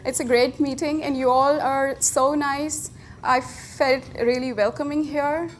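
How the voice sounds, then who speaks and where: A woman from India with an Indian English accent, giving an emotional and nervous wedding toast as the bride's best friend, halting and restarting. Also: sits high, steady tone, slight background noise. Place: wedding reception.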